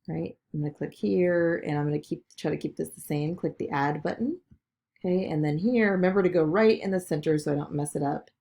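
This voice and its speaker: A woman with a deep, slightly gravelly voice talks casually through a screen-recorded tutorial. She narrates each click as she goes, peppering it with "okay" and "all right." It sounds like a desk mic at a computer. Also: darkish tone. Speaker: business video tutor.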